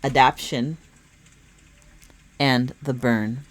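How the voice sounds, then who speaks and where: A woman's voice: rumbling low, steady tone, very slow. A woman giving an earnest, emphatic spiritual tarot reading, repeating phrases for weight. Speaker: tarot reader.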